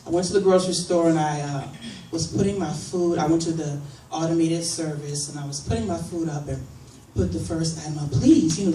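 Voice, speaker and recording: A woman doing stand-up comedy at a fundraiser, telling stories and acting out the dialogue with lots of laughter. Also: sits low. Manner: animated, acts out dialogue, laughs often. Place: event room at a fundraiser. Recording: echoey room, mic from far, noisy.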